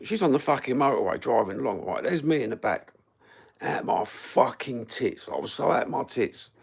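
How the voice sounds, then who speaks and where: A man's voice: medium pitch, lively intonation, normal speed, vocal fry, husky. A middle-aged man with a Cockney accent, rambling through sweary stories on a livestream. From East London, England. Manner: sweary, rambling, matter-of-fact. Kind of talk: rambling storytelling.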